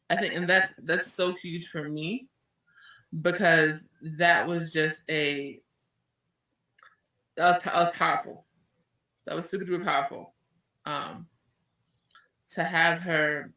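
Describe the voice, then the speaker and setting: The host of an online radio show speaks in a deep voice with a sharp tone while interviewing a guest. She comes across as effusive and emotional and frequently restarts what she's saying. An echoey room and distant mic shape the sound.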